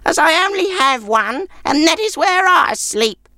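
A man's voice: extremely high pitch, very animated, measured pace, sharp tone, no echo, studio quality, soft background music, voice pushed up, exaggerated voice. A man voicing a sour, grudging old woman in a storybook reading, with a snappish, scornful manner. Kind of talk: storybook character voice.

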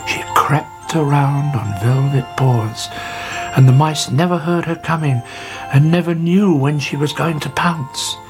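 A woman narrating a children's storybook in an expressive, gently paced way. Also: low-pitched, unhurried. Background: music.

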